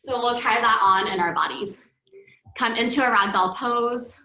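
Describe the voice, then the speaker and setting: A woman guides a live online yoga class, calmly cueing each breath and pose while slightly out of breath. Her voice is high and bright. It carries from a camera across an echoey room. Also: moderate pace, distant mic. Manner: calm cueing, breath-paced instructions. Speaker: yoga teacher.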